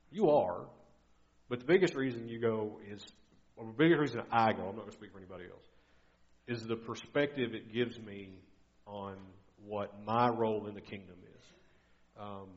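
A man's voice: fairly low pitch, highs cut off. A middle-aged man giving a guest sermon in an earnest, conversational way, often restarting his sentences. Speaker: guest preacher.

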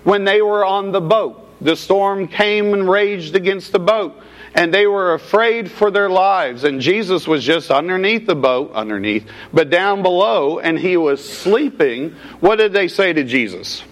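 A man's voice: sits high, lively intonation, unhurried. A man preaching an expository sermon, asking rhetorical questions and addressing the congregation as folks. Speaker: pastor.

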